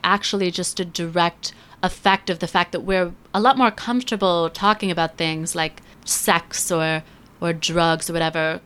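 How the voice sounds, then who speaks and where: A woman in her twenties hosting a casual solo podcast, chatty and sarcastic, who slips into quick voices when quoting others. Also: on the low side, a bit bright, smooth. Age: 20s. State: feels she is losing her voice. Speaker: podcast host.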